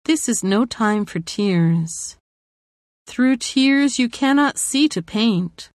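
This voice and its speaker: A woman voicing a gentle spiritual master. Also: fairly high pitch, animated, takes it slowly, no room sound, clean studio sound. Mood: tender. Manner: tender, teasing.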